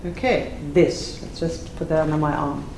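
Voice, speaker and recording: A woman teaching a live class, playful and self-mocking, drilling phrases slowly and then fast. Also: sits low, fairly even intonation, darkish tone, a little hiss or hum. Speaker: Spanish teacher. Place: classroom with audience. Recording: echoey room with faint ambience.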